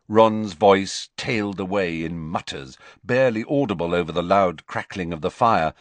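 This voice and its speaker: Lively man narrating a storybook. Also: on the low side, dry recording. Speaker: audiobook narrator.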